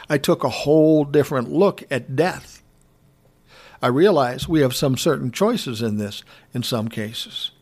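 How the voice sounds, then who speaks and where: A man in his sixties talks alone into a podcast mic, candid and reflective. His voice sits at an ordinary middle pitch, and his telling is loose and unscripted. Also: a little mellow. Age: 60s. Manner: reflective, candid, conversational storytelling. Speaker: podcast host. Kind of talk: solo podcast monologue.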